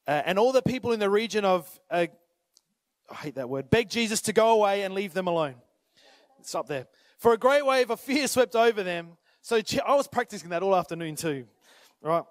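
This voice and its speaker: A man preaching a sermon as pastor, swinging between urgent, rising calls and quiet appeals, sometimes acting out the people in the story. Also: sits high, dry recording, clean studio sound. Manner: impassioned, rises to urgent calls then drops to quiet; acts out voices when retelling scripture.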